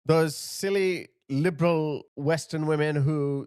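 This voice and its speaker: A man's voice: mid-range voice, normal speed, dry recording, clean studio sound. A man hosting a commentary video, ranting in a heated, scornful way and repeating short jabs. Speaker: commentary channel host.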